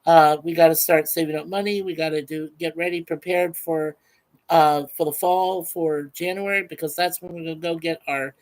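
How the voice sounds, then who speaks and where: A man's voice: on the high side, fairly even intonation, normal speed, low-quality recording. A man hosting a casual live stream, chatting loosely with many fillers and reading out viewer comments.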